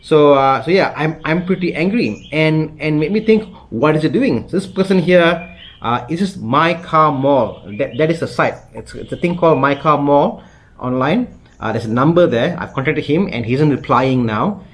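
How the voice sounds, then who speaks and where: A man's voice: on the high side, normal speed. A man from Malaysia, a car vlogger, talking straight to camera in an agitated, repetitive way with plenty of fillers. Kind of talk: angry direct-to-camera vlog.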